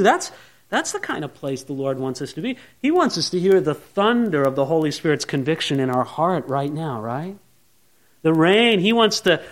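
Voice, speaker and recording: Middle-aged preacher guy with a high voice, earnest, goes quiet then pleads loud. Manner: earnest, swings between quiet asides and raised pleading. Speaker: pastor. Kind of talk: sermon.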